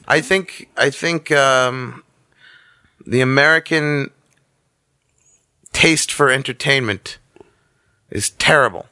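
A man who is a guest comedian, chatting casually on a podcast and giving blunt opinions like an animated storyteller. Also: medium pitch, measured pace, pauses often, no room sound, studio quality.

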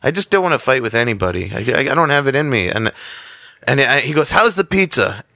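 A man's voice: medium pitch, animated, quick pace, gravelly, pushed and bright, no echo. A man, a comedian guest telling a comic story and acting out both sides of the exchange. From New York.

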